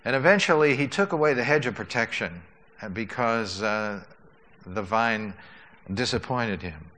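Bright-voiced man preaching a sermon. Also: lowish voice, expressive. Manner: unhurried, earnest preaching with filler uhs and restarts. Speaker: pastor.

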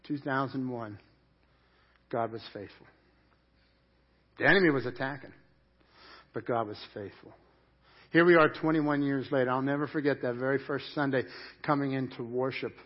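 A male pastor preaching a sermon, swinging between loud emphasis and hushed intensity. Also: mid-range voice. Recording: muffled lo-fi sermon recording. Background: church congregation.

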